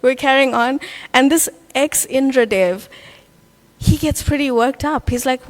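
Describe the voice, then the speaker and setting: A woman teaching a devotional scripture class, telling a story in a lively way with many fillers. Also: high-pitched, measured pace. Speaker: class speaker.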